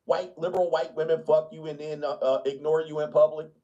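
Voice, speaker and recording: A man with a somewhat high-pitched voice, ranting bluntly in casual conversation. His tone is mocking and he laughs often as he talks. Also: steady tone, moderate pace, warm tone, dull audio. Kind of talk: casual comedic rant. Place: small town, gated suburban home.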